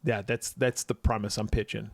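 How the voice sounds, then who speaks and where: A man's voice: fairly low pitch, little pitch movement, normal speed, vocal fry, dry recording. Man, podcast co-host, casual joking chat, profane, dry close recording. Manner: joking, profane, laughs often.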